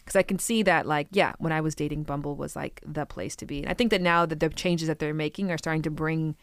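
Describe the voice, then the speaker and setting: A woman's voice: sits low, fast, no room sound, clean studio sound. A woman guest on a casual podcast, talking about dating and acting out quotes with sudden jumps in her voice. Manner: animated, acts out quotes with big voice jumps.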